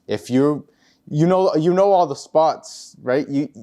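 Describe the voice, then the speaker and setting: Easygoing, halting male podcast guest. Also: fairly high pitch, dark tone. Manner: easygoing, halting, with filler restarts. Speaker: podcast guest, former military police Marine. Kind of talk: casual chat.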